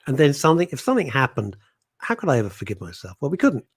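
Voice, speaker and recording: A man's voice: mid-range voice, wildly swooping pitch, fast talker, husky. A man hosting a radio show, blunt and jokey as he reads out listener messages. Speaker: radio host. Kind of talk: casual radio chat.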